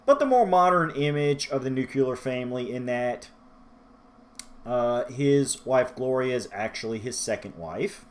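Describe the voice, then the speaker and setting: A man's voice: mid-range voice, lively intonation, a little slow. A man talking through a book review in a rambling, self-deprecating vlog style. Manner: rambling, self-deprecating, loses his place in his notes.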